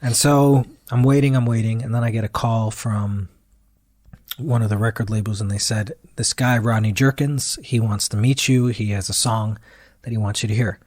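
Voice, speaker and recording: A man's voice: on the low side, normal speed, no room sound, studio quality. A man in his thirties, a guest musician, telling a long story in an interview and acting out what people said to him. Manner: animated retelling that acts out quoted dialogue.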